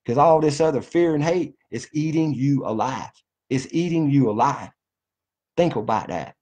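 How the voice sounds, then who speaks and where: A man's voice: mid-range voice, expressive, unhurried, darkish tone. A man delivering a fervent, profane, folksy monologue to his viewers. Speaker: vlogger. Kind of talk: impassioned monologue to camera.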